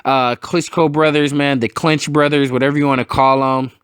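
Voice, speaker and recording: A man's voice: medium pitch, little pitch movement, normal speed, a bit bright, smooth, dry recording. A man answering viewer comments in a blunt, rambling way, swearing a lot as he chats. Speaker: sports vlogger answering comments. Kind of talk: casual profane chat.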